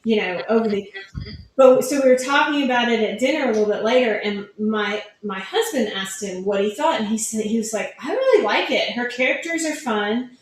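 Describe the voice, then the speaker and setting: A woman's voice: a little high, fairly quick, very echoey, slight background noise, poor audio. A middle-aged woman author telling stories about her writing in a casual interview, acting out family members' lines as she goes. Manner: chatty storytelling, acts out family quotes. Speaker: author guest.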